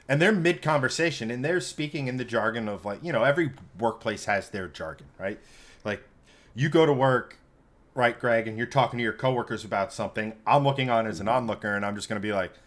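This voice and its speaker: A man hosting a casual podcast, telling a long story with lots of swearing and acting out what other people said. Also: mid-range voice. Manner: animated, swearing, acts out quoted people. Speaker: podcast host.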